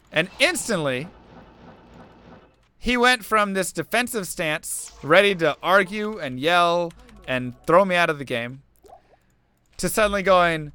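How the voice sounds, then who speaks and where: A man's voice: sits high, expressive, measured pace, bright, forceful tone, smooth. A young man streaming a game, chatting casually and telling an earnest story while making asides about the play. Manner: earnest storytelling, musing aloud between game remarks. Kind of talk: casual chat while playing.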